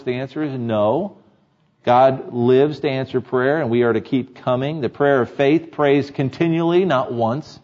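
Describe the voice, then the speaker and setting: A man's voice: medium pitch, a little mellow. A man preaching a sermon, reading scripture and asking the congregation rhetorical questions in an earnest, emphatic way. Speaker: pastor. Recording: dull lo-fi sermon recording.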